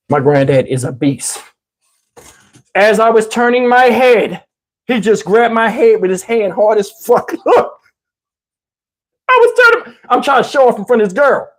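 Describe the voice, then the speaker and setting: A man casually telling a personal story, animated and slangy, often breaking into laughter, on a lapel mic. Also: sits high, moderate pace, long pauses. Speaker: channel host telling a story. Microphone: wireless lapel mic.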